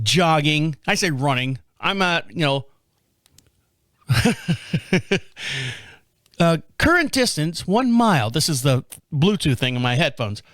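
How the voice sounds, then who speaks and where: A man's voice: fairly high pitch, fairly bright tone, dry recording, clean studio sound. A man in his fifties with an American accent, hosting a casual solo chat show, rambling with restarts and swearing. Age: 50s. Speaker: podcast host.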